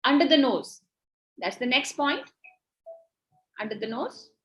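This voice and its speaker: Indian lady running an online self-care workshop, high voice, encouraging and a bit giggly. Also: animated, unhurried, a bit bright, rough recording. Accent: Indian English. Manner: encouraging, instructive, laughs easily. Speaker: workshop facilitator. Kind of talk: guided tapping and breathing exercise.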